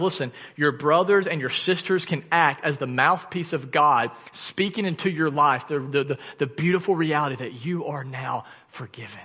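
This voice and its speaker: A man in his thirties preaching a sermon, telling a personal story in an earnest, animated way that falls to quiet intensity. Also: on the high side. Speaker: pastor. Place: church sanctuary. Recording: church hall reverb.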